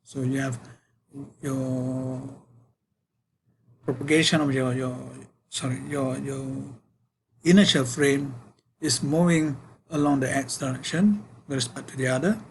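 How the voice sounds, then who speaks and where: Slow, halting male physics lecturer. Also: mid-range voice, steady tone, a little hiss or hum, poor audio. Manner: slow, halting, with frequent fillers and self-corrections. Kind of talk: university lecture.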